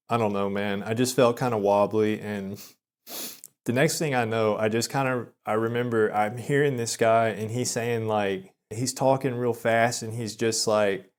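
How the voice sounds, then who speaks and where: A man in his thirties telling a personal story in a rambling, self-deprecating way, with many halting restarts. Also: fairly low pitch, fairly even intonation, clear, resonant tone. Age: 30s. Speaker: vlogger. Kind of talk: confessional storytelling monologue.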